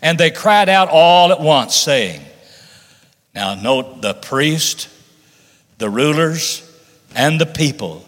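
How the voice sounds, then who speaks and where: A man's voice: a little high, animated, slow, long pauses, fairly bright tone. A man preaching a sermon, reading scripture aloud and stressing key words with rising emphasis. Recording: long reverb of a large hall.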